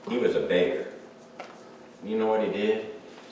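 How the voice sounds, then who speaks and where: A male pastor preaching a sermon, swinging from hushed to shouting and asking the congregation questions. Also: fairly low pitch, steady tone, fairly quick, pauses often. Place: church sanctuary. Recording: echoey church hall from far off.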